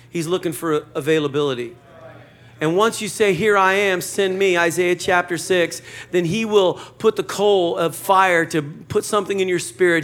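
A man's voice: high voice, fairly bright tone. A man preaching a sermon to a church congregation, conversational and joking, acting out short quotes. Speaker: pastor.

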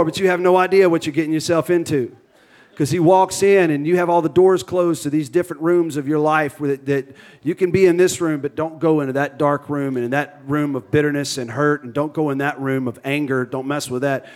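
A pastor with a Cajun accent preaching a sermon with energy, leading the congregation in call-and-response and cracking jokes. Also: male voice, on the high side, steady tone, fairly quick, darkish tone.

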